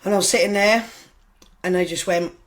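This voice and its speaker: A woman's voice: medium pitch, steady tone, fairly quick, rough recording. Woman, podcast guest, casual storytelling, frank, rambling, self-correcting, blunt humour. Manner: blunt humour, occasional swearing.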